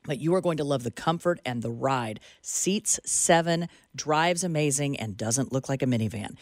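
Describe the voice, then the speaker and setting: A woman's voice: very deep voice, normal speed, no echo, clean studio sound. A woman co-hosting a talk radio show, chatty and emphatic, who also reads ads. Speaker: radio co-host. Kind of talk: talk radio chat and live read ads.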